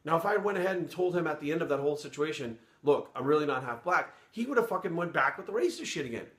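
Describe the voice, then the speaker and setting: A man's voice: a little high, sing-song, racing, a bit bright. A middle-aged man from Rhode Island, a former police sergeant, telling a story in a blunt, heavily profane, casual way. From Providence, Rhode Island. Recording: roomy echo.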